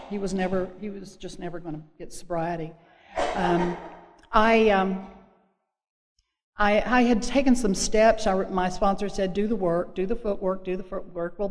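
A woman sharing her personal recovery story at a meeting, speaking earnestly and haltingly, with many fillers and restarts. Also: fairly low pitch, a little mellow. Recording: long echo of a hall.

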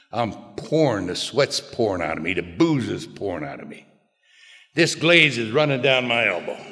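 An older man telling a plainspoken personal recovery story to a group, in a folksy way with quiet low asides. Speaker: recovery speaker. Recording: long hall reverb.

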